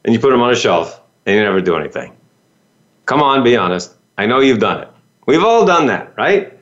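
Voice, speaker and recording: Lively man giving a motivational talk. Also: mid-range voice, brisk, dull audio. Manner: lively, rhetorical questions, folksy. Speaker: business coach.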